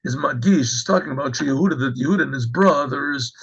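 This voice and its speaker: A man, a rabbi, giving a Torah class, reading Hebrew phrases and translating them, often clearing his throat. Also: medium pitch, fast talker, a bit bright, lo-fi sound. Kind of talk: Torah class explaining a text.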